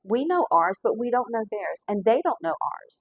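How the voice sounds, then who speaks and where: A woman's voice: fairly high pitch, very animated, moderate pace, dry recording, phone-quality sound. A woman, a pastor hosting a cooking show, telling a heartfelt story in an earnest, folksy way while fighting back tears. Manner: earnest, folksy, with frequent restarts and fillers.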